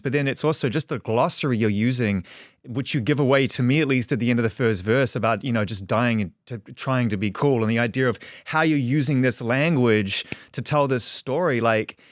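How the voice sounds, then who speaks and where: A man's voice: mid-range voice, no echo, studio quality. A man hosting a casual interview, effusive and enthusiastic in his praise as he builds long questions. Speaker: interview host.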